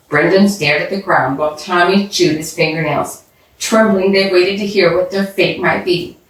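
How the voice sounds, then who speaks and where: A woman telling a children's bedtime story aloud, expressively, pausing to ask the listening children questions. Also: fairly low pitch, fairly even intonation. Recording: echoey room, distant mic.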